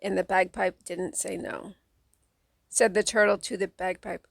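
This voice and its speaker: Female audiobook reader for children's verse; soft, even, unhurried, slightly gravelly, dry close mic. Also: medium pitch, dry recording. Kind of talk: reading children's poems aloud.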